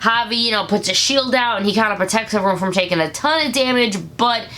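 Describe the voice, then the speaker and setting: A woman recapping a TV episode in a casual, jokey way, sometimes acting out lines in quick voices. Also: fairly high pitch, bright, forceful tone. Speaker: show reviewer.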